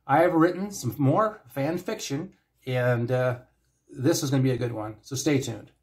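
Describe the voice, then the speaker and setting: A man narrates his own fan fiction in a casual, plain voice. His pitch sits in the middle range. He reads in a steady way. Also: moderate pace. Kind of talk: casual intro, then story narration.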